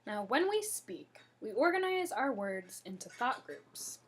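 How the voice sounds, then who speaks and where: A woman teaching a pronunciation lesson to a class, speaking deliberately and demonstrating rises and falls in her voice. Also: on the high side, sing-song, slightly rough. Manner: slow, deliberate, demonstrating intonation.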